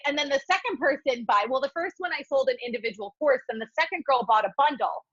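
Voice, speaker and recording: High-voiced, husky woman telling her story. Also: fast, few pauses, dull audio. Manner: animated storytelling, acts out her own panicked thoughts, swears freely. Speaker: guest, new coach. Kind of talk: candid podcast interview.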